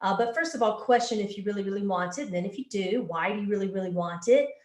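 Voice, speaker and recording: A woman's voice: medium pitch, fast, a little mellow. A woman working as a psychic medium, relaying channeled answers in a flowing, earnest way and repeating words for emphasis. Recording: echoey room.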